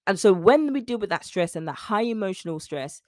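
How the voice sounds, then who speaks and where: A British woman, a nutrition coach, talking alone on her podcast in a lively, chatty way with faith-tinged asides. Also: medium pitch, fairly quick, no room sound, clean studio sound. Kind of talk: solo podcast talk.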